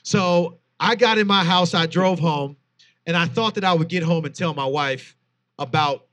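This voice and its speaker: A man in his thirties, a guest author telling a personal faith story in earnest, animated conversation, with frequent fillers. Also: fairly high pitch, normal speed.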